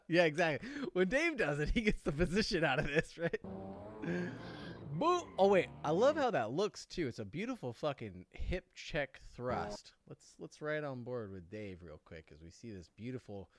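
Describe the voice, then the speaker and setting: A man's voice: fairly high pitch, big pitch swings, moderate pace, no room sound. A man hosting a casual sim racing review, joking, swearing and laughing often. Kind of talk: casual chat, race commentary.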